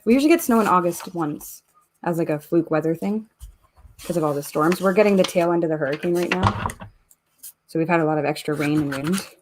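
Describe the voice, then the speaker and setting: A woman's voice: lowish voice, a little fast, background noise. A Canadian woman hosting a live stream, chatting casually and reading viewer comments aloud as she works. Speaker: host of a live giveaway stream.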